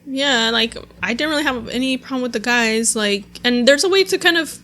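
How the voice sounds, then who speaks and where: Young woman, podcast host, casual chat, bright tense voice, filler-heavy. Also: on the high side, brisk. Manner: chatty, lots of "like" and laughs.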